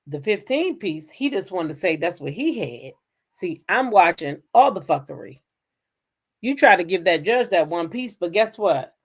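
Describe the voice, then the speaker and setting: A woman's voice: on the low side, normal speed, breathy edge. A woman host, telling a courtroom story in a casual, dramatic way with many asides to her viewers. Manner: animated, laughing, dramatic retelling with asides to viewers. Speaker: commentary channel host.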